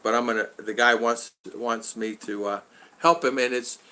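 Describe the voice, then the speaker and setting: A man's voice: medium pitch, steady tone, normal speed, pushed and bright. A man in his sixties casually chatting on a live stream from his home, reading viewer comments aloud and laughing often. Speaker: vlogger hosting a live stream. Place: home in the Philippines.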